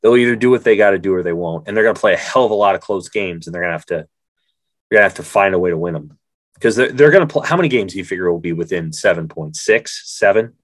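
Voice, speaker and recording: A man's voice: low-pitched, animated, fast talker, no echo. A middle-aged man co-hosting a sports podcast, talking bluntly and rambling through his points in casual chat.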